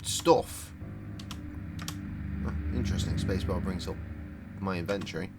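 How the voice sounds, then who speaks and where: Deep-voiced, sweary streamer. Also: male voice, unhurried, over music. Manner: chatty, sweary, joking. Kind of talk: casual live-stream commentary.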